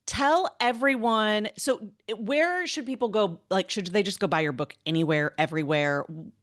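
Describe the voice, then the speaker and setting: A woman's voice: mid-range voice, normal speed. A woman hosting an interview podcast, chatty and enthusiastic, often saying "like" and "right". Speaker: podcast host. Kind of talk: casual interview chat.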